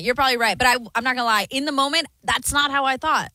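A man's voice: very high voice, lively intonation, fairly quick, pushed and bright, no room sound. A man co-hosting a sports radio show, chatty and agreeable, laughing along with the host. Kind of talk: casual sports talk.

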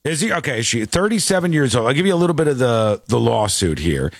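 A man's voice: mid-range voice, sing-song, fast, gravelly, no room sound, studio quality. A man hosting a casual commentary show, talking in an incredulous, joking way. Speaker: show host.

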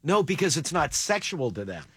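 A man's voice: on the high side, very animated, a bit bright, slightly rough, no room sound. A man hosting a morning radio show, joking and quizzing a caller in casual banter. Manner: playful, joking, quick questions. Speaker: radio host.

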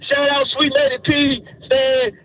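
Man calling a radio show, very high voice, tinny phone line, faint hiss, preachy and repetitive. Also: monotone, unhurried. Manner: preachy, repeats himself, speaks straight to listeners. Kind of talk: impassioned call-in rant.

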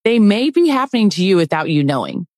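A woman calmly narrating a scripted health information ad. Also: mid-range voice, fast talker, no room sound, studio quality. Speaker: commercial announcer.

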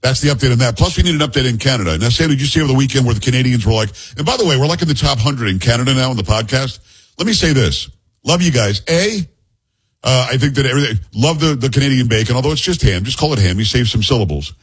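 Male podcast host, middle-aged, husky voice, loose and jokey delivery. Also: mid-range voice, lively intonation, fast. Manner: rambling, joking asides, teasing his co-host. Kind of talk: casual talk-show chat.

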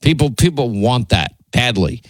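A middle-aged man hosting talk radio, ranting with emphatic indignation and repeating his points. His voice sits at an ordinary pitch and sounds dry and close to the mic. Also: animated, moderate pace, no room sound. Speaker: radio and podcast host.

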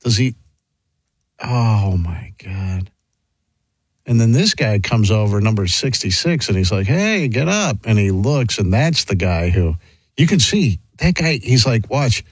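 A man's voice: on the low side, measured pace, slightly rough, no room sound. A man hosting a morning radio show, chatting casually and acting out what people in a video say. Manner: animated, acts out what players say. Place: studio.

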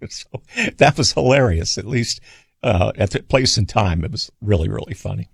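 An older man, a radio executive and author, telling stories in a rambling, halting interview with many pauses and fillers. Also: mid-range voice, animated, creaky, breathy edge, no room sound, clean studio sound. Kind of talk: casual interview storytelling.

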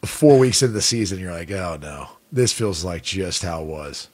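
A man's voice: sits low, animated, moderate pace, darkish tone, husky. A man co-hosting a sports radio talk show, pressing his co-hosts with questions in a radio studio. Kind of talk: casual sports radio banter.

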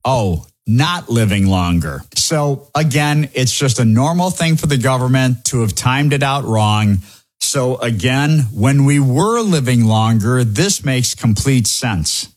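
A man's voice: medium pitch, animated, measured pace. A man from the United States hosting a financial talk show as an advisor, speaking in a wry, sarcastic, folksy way.

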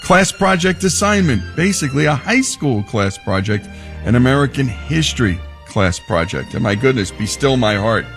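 A man's voice: mid-range voice, big pitch swings, moderate pace, fairly bright tone, soft background music. A male radio host wrapping up a story segment with enthusiastic, emphatic praise. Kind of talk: radio show host wrap-up and appeal.

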